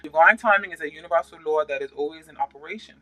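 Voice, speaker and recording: A man's voice: a little high, very fast, bright, forceful tone, no room sound, poor audio. A man giving a casual tarot reading, playful and slangy, reading card meanings aloud and adding sound effects. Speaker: tarot reader.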